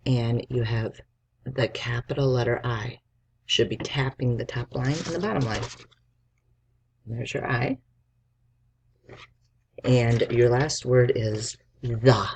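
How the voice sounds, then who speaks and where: A man's voice: medium pitch, measured pace, vocal fry, pauses often, slight background noise. A male teacher giving a spelling lesson to young children, dictating words and patiently sounding out each letter.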